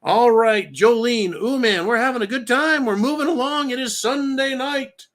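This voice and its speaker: An American man hosting a live stream, ranting loudly with crude insults between reading out donations. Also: extremely high pitch, normal speed. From United States.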